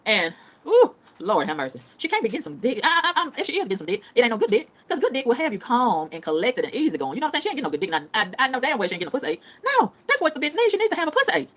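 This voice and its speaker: A woman's voice: sits high, wildly swooping pitch, rapid-fire, a bit bright. A woman ranting casually to her audience in a profane, emphatic style, repeating phrases for punch. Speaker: vlogger. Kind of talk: casual rant to camera.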